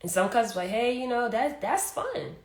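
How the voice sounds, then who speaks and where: A woman's voice: fairly high pitch, big pitch swings, a little fast. Casual woman host in a roomy space. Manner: conversational, repeats "hey" and "like", emphatic. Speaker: podcast host. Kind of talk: casual motivational talk. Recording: roomy echo.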